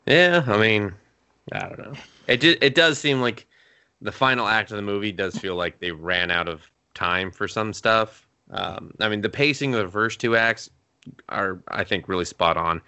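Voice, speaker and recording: A man in casual chat about a movie, joking and swearing in quick banter. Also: on the low side, pushed and bright, clear, resonant tone, no room sound. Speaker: podcast co-host.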